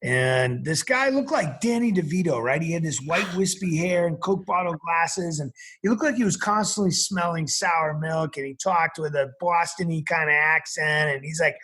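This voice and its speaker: A man's voice: a little high, moderate pace, hardly any pauses. A middle-aged man from central Massachusetts, a podcast guest telling vivid stories. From central Massachusetts, USA. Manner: vivid storyteller, animated. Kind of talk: storytelling in an interview.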